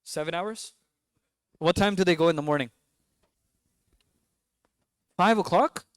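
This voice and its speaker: In a dry recording, a man in his twenties with a New York accent speaks in a high, clear, resonant voice at a slightly slow pace. He gives a conversational mosque talk to parents, asking the crowd questions and joking now and then.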